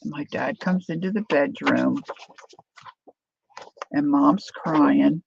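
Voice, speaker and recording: A middle-aged woman with a gravelly voice, telling a family story in a chatty, animated way while she crafts. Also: sits low, slow pace, no echo, lo-fi sound. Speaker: craft vlogger.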